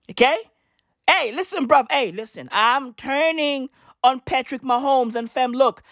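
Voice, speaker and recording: Lady doing a sweary slang-heavy sports rant, slow and bouncy, highish voice. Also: a bit bright, no echo, clean studio sound. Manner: slangy, profane, repetitive hype talk.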